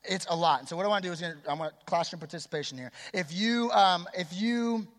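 High-voiced young pastor in a reverberant hall. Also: male voice, quick pace. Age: 20s. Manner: energetic, chatty, quizzes and polls the crowd. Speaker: youth pastor. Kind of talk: youth sermon.

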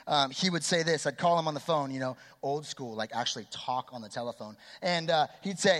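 A young man in his twenties with a high voice gives a lively sermon to teenagers. He talks fast and loose and keeps asking the crowd to answer back. The sound rings on in a large church hall. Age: 20s. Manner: energetic, chatty, quizzes and polls the crowd. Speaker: youth pastor. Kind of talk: youth sermon. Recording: long hall reverb.

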